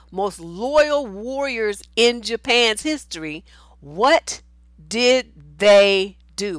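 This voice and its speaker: A woman's voice: a little high, a bit bright, no room sound. A woman relationship coach giving casual advice talk and answering viewer comments, blunt and outspoken, swearing freely.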